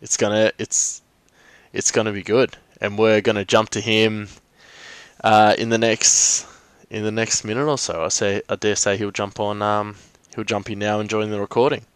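Male podcast host, low voice, dry close sound, loose rambling chat. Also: level tone, normal speed, smooth, no echo. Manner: rambling, many fillers and restarts. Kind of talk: casual chat.

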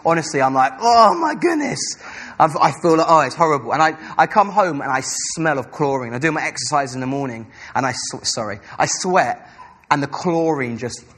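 A young man preaching a sermon, telling a story with animated, acted-out dialogue. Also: mid-range voice, fairly quick.

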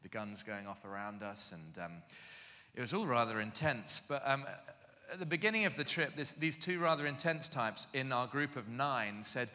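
A man preaching in an animated, self-mocking storytelling way, heard in a reverberant hall. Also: medium pitch, normal speed. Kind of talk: storytelling sermon.

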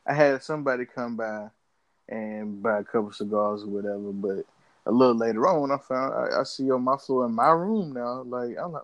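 A man's voice: medium pitch, normal speed, no room sound, lo-fi sound. A young man, a podcast co-host, telling a story in casual slang and acting out his own reactions.

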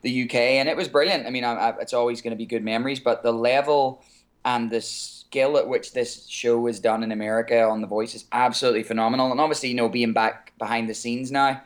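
A man's voice: medium pitch, fast. An Irish man, a singer calling in as a guest, chatting casually with frequent laughs and fillers. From Ireland. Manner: relaxed, laughs often, many fillers. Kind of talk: casual interview chat. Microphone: phone call.

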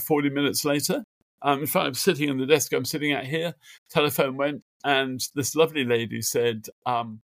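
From a desk in his home office, a middle-aged biographer joins a remote interview and relates anecdotes in a mid-range voice, recorded dry. He's animated, leaning on plenty of fillers and acting out the quotes in a chatty storytelling style.

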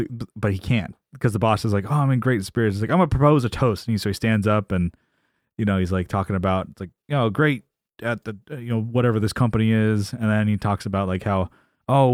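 In clean studio sound with no room noise, a podcast co-host with a lowish voice talks a little fast. He animatedly retells a sitcom episode on the casual show, voicing the characters' lines and laughing along.

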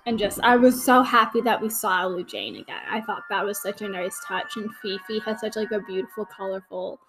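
A woman's voice: medium pitch, animated, brisk, a bit bright, faint music behind, rough recording. A young woman hosting a podcast, chatting casually through a watch-along commentary, gushing and full of fillers. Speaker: podcast host.

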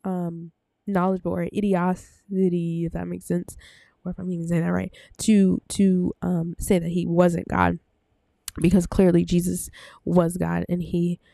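Speaking into a desk mic with no room echo, this woman teaches the Bible in a loose, rambling way, full of fillers, corrections and slight breathlessness. Her fairly low voice has vocal fry and a warm tone, and she speaks unhurriedly with a completely flat delivery.

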